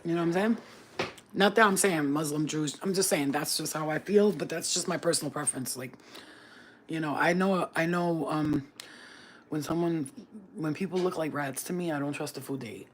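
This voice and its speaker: A woman's voice: low voice, moderate pace, a little hiss or hum. A woman of Albanian background hosting a spiritual healing channel, talking to camera in a blunt, profane, rambling way with many fillers. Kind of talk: casual unscripted rant to camera.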